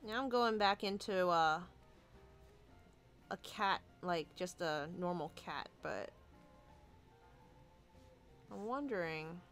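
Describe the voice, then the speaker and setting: A woman talks through a character design as she draws, at a slow, unhurried pace. She muses aloud and hesitates, restarting her sentences and filling pauses. Soft music plays faintly in the background. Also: on the low side, lively intonation. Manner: musing, hesitant, with many fillers and restarts. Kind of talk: casual thinking-aloud commentary while drawing.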